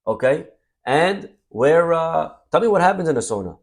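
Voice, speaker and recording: A man's voice: a little high, sing-song, normal speed, pitched above the performer's own voice. A man voicing a wise old Rebbe who teaches his student patiently through questions. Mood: questioning.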